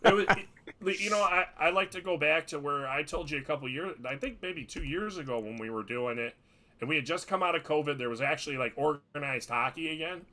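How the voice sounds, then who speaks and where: A man with a bright, forceful, somewhat tense voice talks on a podcast. He is a hockey referee, and he tells his stories emphatically, pressing hard on the key points. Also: fairly high pitch, fairly quick. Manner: storytelling, emphatic. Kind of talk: podcast chat.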